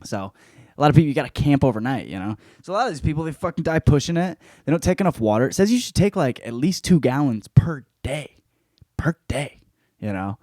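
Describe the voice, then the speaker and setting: A man's voice: sing-song, a little fast, no echo. Profane, jokey man in a dry room. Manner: profane, jokey, lots of swearing and laughing; jumps into loud high-pitched bits for effect. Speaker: podcast host. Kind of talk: casual book report monologue.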